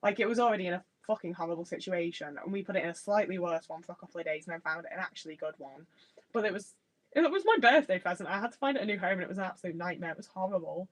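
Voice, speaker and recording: Racing along in a lowish, animated voice on a rough recording, a young Midlands woman with a slight Liverpool twang livestreams while baking at home. She rambles and chats with her viewers, swears freely, and makes fun of herself.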